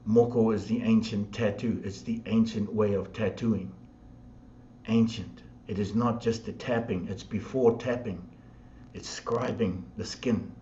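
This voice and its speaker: Slow repetitive New man, echoey. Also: fairly low pitch, steady tone, warm tone, a little hiss or hum. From New Zealand. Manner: slow, repetitive, chant-like phrasing. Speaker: spiritual teacher. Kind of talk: spiritual talk. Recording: dull sound in an echoey room.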